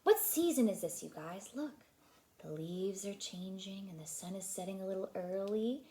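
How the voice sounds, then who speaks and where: A woman childcare teacher reading a picture book aloud to young children, asking them questions and dropping into a hushed whisper for suspense. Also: mid-range voice, normal speed. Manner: animated, asks the children questions.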